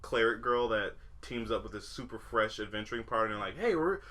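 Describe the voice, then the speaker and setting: A man's voice: fairly low pitch, flat delivery, fairly quick, sharp tone. A young man co-hosting a podcast, chatting casually and rambling with lots of fillers, restarts and swearing. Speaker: podcast co-host. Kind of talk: casual chat.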